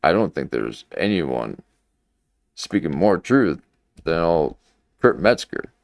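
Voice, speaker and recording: Deep gravelly dude hosting a stream, slow, asks questions, voice goes up and down a lot. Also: male voice, sing-song, no echo, clean studio sound. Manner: halting, questioning, thinks aloud. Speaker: livestream host. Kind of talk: live commentary on clips.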